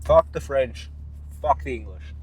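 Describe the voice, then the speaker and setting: A man's voice: medium pitch, animated, unhurried, a little mellow, a little hiss or hum. Profane rambling man vlogging from a car. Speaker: fitness vlogger. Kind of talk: casual vlog rant.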